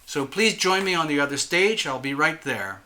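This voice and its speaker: A chatty man hosting his own channel, talking straight to his viewers in a loose, playful way. His voice is strikingly bright and sits a little high for a man. He sounds a touch jittery as he keeps things light. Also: animated, moderate pace. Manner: chatty, playful, self-admittedly nervous. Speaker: tarot channel host. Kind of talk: casual solo livestream talk.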